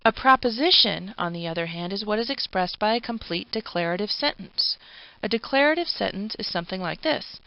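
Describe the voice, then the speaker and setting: A woman lecturing, patient and explanatory, with casual asides mixed in. Her voice has a gravelly edge. The recording is dry and a little dull. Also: medium pitch, lively intonation, a little fast, no echo. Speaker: philosophy lecturer.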